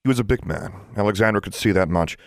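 Male audiobook narrator, very low voice, even and measured, dry booth sound. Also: vocal fry, no room sound. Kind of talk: scripted narration.

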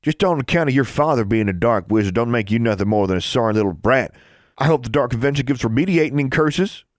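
Guy voicing a smug bully kid wizard, sneery and taunting, pushed up loud. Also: mid-range voice, expressive, fast, no echo, studio quality, voice pushed up, lightly acted. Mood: sneering.

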